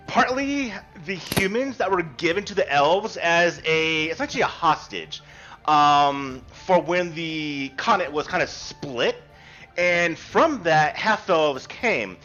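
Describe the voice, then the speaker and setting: Over an online voice call, a game master running a tabletop game rambles through the rules and narration in a casual, reassuring way. His voice is a little high, bright and forceful, animated yet unhurried. The chat audio is muffled, with faint music underneath.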